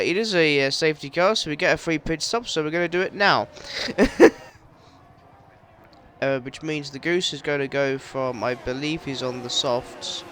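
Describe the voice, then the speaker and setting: A man's voice: medium pitch, fairly bright tone, a little hiss or hum. A man casually commentating over his own racing game playthrough, rambling, correcting himself often and cracking jokes. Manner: rambling, self-correcting, jokey. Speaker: gaming video creator.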